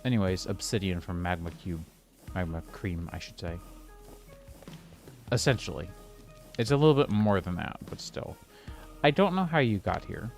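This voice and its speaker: A man's voice: low-pitched, animated, moderate pace, vocal fry, pauses often, faint music behind. A man streaming a building game, rambling casually and now and then snapping in exasperation at the game. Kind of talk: casual gameplay commentary.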